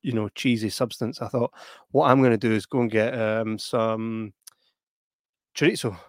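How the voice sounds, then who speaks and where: A man's voice: on the low side, normal speed, dry recording. A Scottish man in his thirties, chatting on a podcast as co-host. He tells stories with lots of swearing and laughter. The recording is dry and close. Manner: sweary, laughing, animated storytelling. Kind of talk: casual chat.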